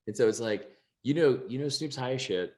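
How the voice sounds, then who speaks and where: Brisk and a little mellow, a young man's mid-range voice drives casual talk on the sports podcast he co-hosts. He rambles, swears a lot, restarts many times, and laughs at his own remarks.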